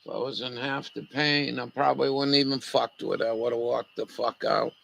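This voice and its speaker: A man vlogging in rambling casual talk, grumbling and cursing, then muttering gently to his dog. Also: medium pitch, little pitch movement, moderate pace, gravelly, rough recording.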